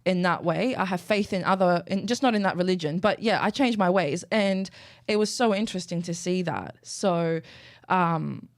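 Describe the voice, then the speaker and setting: Young woman with an Australian accent, from Iraq; blunt and emphatic, low-pitched, close dry sound. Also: normal speed, hardly any pauses, no echo. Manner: candid, emphatic, swears freely. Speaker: guest. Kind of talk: casual chat.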